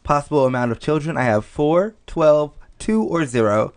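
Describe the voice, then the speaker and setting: A man hosts a relaxed chat and runs a simple game with his guest. He talks in an easygoing way, walking through each step. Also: a little high, moderate pace. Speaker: host. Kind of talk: casual chat running a game.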